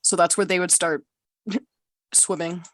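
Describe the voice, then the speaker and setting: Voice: medium pitch, steady tone, slow pace, a bit bright, no room sound. An adult tabletop role-playing player who thinks aloud, musing and restarting sentences. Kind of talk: tabletop role-play chat.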